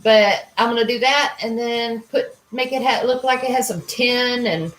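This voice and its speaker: A woman's voice: on the high side, moderate pace, a bit bright. A woman in casual chat while painting miniatures, easygoing and chiming in with short agreements. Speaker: co-host of a painting stream. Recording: echoey room.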